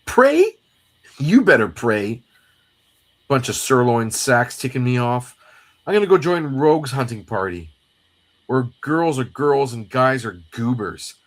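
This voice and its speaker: A man reading a comic aloud and voicing a brash, loud-mouthed teenage girl with a shrill, jeering voice. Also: big pitch swings, measured pace. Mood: mocking.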